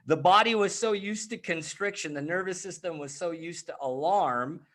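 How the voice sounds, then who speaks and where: A man with a slightly raised pitch hosts a casual conversation. He speaks reflectively and searchingly, often circling back and restarting his thoughts. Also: moderate pace, a bit bright. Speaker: host.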